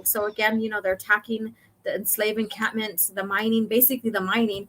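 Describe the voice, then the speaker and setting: A woman hosting a casual chat, walking through comic pages and reading lines aloud with many pauses. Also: mid-range voice, flat delivery, a bit bright, slight background noise. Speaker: host.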